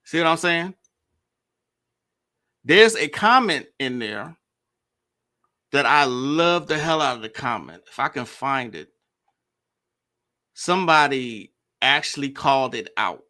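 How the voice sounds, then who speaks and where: A man commenting casually to viewers, speaking slowly and simply on purpose, repeating points and checking that viewers follow. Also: medium pitch, expressive, sharp tone. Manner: deliberately slow and simple.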